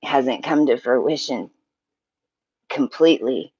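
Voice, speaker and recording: A man telling a personal story in a halting, emotional monologue, swearing freely and often restarting his sentences. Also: mid-range voice, a little mellow, husky, dry recording, lo-fi sound.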